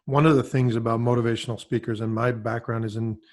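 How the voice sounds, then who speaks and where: A male podcast host with a mid-range voice that stays very level. He speaks in short, measured phrases and keeps the interview moving. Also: medium pitch, flat delivery, darkish tone. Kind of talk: interview conversation.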